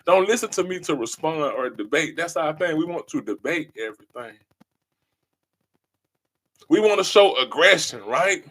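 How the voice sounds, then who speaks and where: Emphatic, preachy man with a high voice. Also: expressive, normal speed, pauses often, fairly bright tone. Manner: emphatic, preachy, repeats key phrases. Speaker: podcast host. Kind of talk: passionate podcast monologue.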